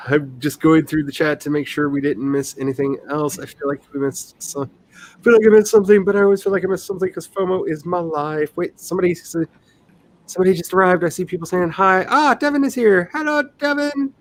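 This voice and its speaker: A man's voice: on the high side, steady tone, fast talker. Chatty man hosting a casual livestream. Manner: chatty, rambling, laughs often. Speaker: livestream host, writer. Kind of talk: casual livestream chat with viewers.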